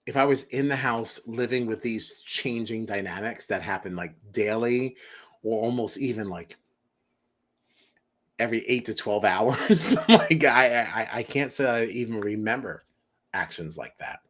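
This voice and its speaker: A man's voice: on the low side, a little slow, fairly bright tone. A man co-hosting a reality TV podcast in casual chat. He rambles through lots of fillers and likes to tease his co-hosts. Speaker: podcast co-host.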